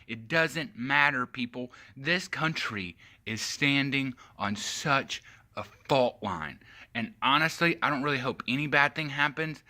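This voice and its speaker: A man vents into his phone camera with a bright, forceful voice. His talk is heated, profane and sarcastic, and it often climbs to shouting. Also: mid-range voice, measured pace. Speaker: vlogger. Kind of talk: angry political rant to camera.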